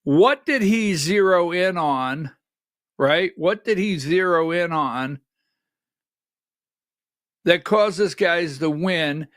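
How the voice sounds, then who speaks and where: Bright, high-pitched ranting male host. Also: slow pace, long pauses, no echo, studio quality. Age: middle-aged. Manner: animated, rhetorical, keeps asking "right?"; rises to near-shouting when worked up. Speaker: political commentary host. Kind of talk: livestreamed political commentary.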